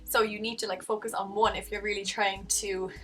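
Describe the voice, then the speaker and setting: A woman's voice: fairly quick, distant mic, faint music behind. Chatty Cork Irish woman vlogging. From Ireland. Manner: chatty, animated, acts out quoted voices with jumps in pitch. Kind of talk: casual chat to camera.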